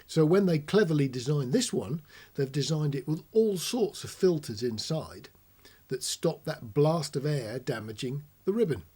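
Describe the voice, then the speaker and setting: Man, dark, husky voice, chatty technical explainer, close mic. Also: on the high side, lively intonation, normal speed. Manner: chatty, demonstrates whispering and shouting into the mic. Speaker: host demonstrating audio gear. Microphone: close ribbon commentary mic.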